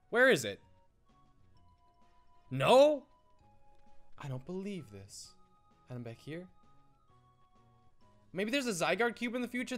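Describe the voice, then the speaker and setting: Lively, high-voiced man giggling and rambling through a video game playthrough. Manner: giggly, rambling, easily sidetracked. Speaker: gaming channel host. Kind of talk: let's play commentary.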